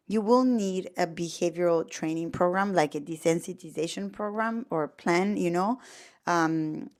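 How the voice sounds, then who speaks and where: Italian-accented woman, lowish voice, casual dog-behaviorist explainer, chatty with lots of fillers. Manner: chatty, full of fillers and restarts.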